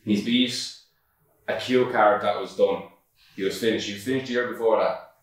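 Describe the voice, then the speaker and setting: A man's voice: fairly low pitch, fairly even intonation, normal speed. A man hosting a horse racing podcast, giving blunt, emphatic opinions in casual chat. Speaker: podcast host. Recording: echoey room, far from mic.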